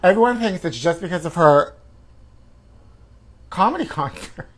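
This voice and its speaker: A man's voice: high-pitched, lively intonation, normal speed. A man hosting a comedic gossip show, campy and sassy, calling listeners honey. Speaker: host. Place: home livestream.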